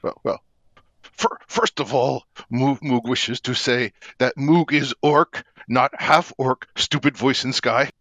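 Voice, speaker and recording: A man's voice: mid-range voice, fairly even intonation, slow, a bit bright, no room sound. A man voicing a murderous orc warrior who talks about himself in the third person with broken grammar. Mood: gruff. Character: brutish male orc warrior, murderous and blunt.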